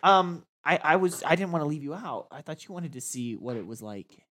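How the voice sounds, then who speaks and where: A man's voice: on the high side, expressive, brisk, bright, forceful tone, dry recording, studio quality. A man playing a tabletop game in a casual, joking way, laughing often. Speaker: player.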